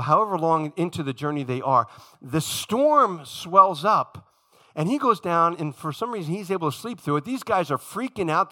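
A man preaching a sermon in church, animated and emphatic, acting out the voices of the story he retells. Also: fairly high pitch. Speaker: pastor. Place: church sanctuary.

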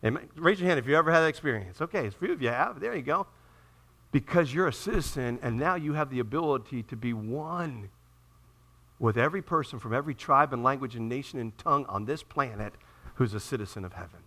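A man pastor preaching a sermon in a church, swinging between loud emphatic peaks and quiet, hushed appeals. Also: medium pitch, expressive, a little fast. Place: church sanctuary.

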